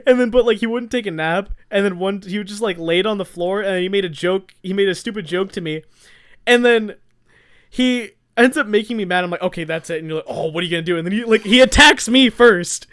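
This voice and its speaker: A man's voice: high-pitched, fairly quick, fairly bright tone, clear, resonant tone. A young man co-hosting a podcast in casual chat, rambling through stories, laughing often and acting out his friends' lines. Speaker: podcast co-host.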